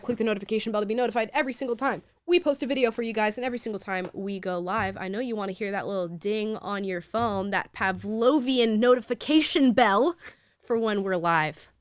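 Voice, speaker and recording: A woman's voice: mid-range voice, no echo. A woman hosting a live talk show, reading viewer comments aloud in an upbeat, chatty way and laughing often.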